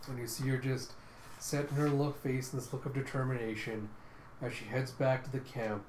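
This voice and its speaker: A man's voice: medium pitch, flat delivery, normal speed, a little mellow, a little hiss or hum. A man reading a comic book aloud in a casual, chatty way. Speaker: manga reader. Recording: echoey room.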